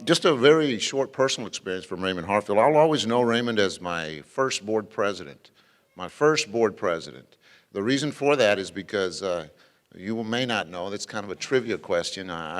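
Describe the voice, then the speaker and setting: Speaking to an audience at a ceremony, a former school superintendent in middle age delivers a loose, folksy dedication speech that wanders through anecdotes with frequent fillers and restarts. His voice is on the low side with a fairly bright tone, and the sound suggests a big room.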